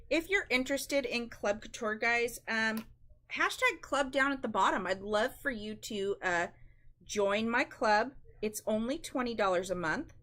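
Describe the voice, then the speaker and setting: A woman's voice: on the high side, pushed and bright. A woman hosting a live-stream craft demonstration, chatty and instructive, often calling her viewers "guys.".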